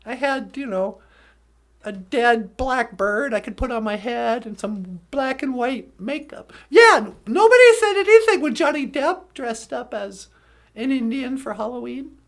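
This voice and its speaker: A woman's voice: fairly high pitch, lively intonation, measured pace. A woman delivering a comedic rant in a sarcastic, mocking way, laughing often. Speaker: comedic commentator.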